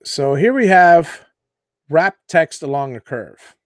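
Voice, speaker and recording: A man hosts a live tutorial, his voice sitting a little high and moving at a slow, deliberate pace. He thinks aloud as he clicks through the software, dropping fillers and correcting himself. The sound is dry and close, with no room around it. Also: expressive, no echo. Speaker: host of a CNC woodworking show.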